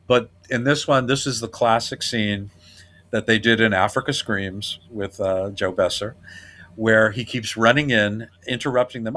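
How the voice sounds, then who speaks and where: A man's voice: medium pitch, moderate pace, fairly bright tone. A man hosting a podcast, chatting casually and laughing often as he retells scenes. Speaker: podcast host. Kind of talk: casual chat.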